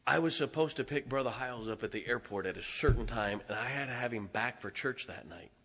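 A middle-aged man preaching a sermon as pastor, telling humorous personal stories in a folksy way and swinging between quiet asides and loud emphatic lines. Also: medium pitch, a little fast, slightly rough.

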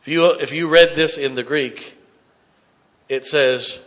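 Bright-voiced preaching man, loud-soft swings. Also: on the high side, steady tone, slow pace. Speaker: pastor. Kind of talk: sermon.

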